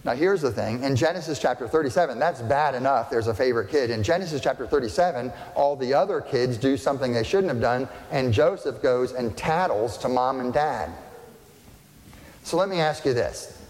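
A man's voice: mid-range voice, lively intonation, brisk, darkish tone. Man preaching in a reverberant sanctuary. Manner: conversational, asks the congregation rhetorical questions, dry humorous asides. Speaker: pastor. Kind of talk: sermon. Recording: long reverb of a large room.

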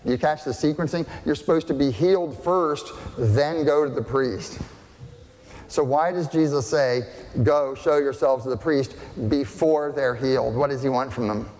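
A man preaching a sermon as pastor, deliberate and questioning, often checking that listeners follow. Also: medium pitch, a little mellow. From family partly German and partly English. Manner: slow, deliberate, asks the congregation questions. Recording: long hall reverb.

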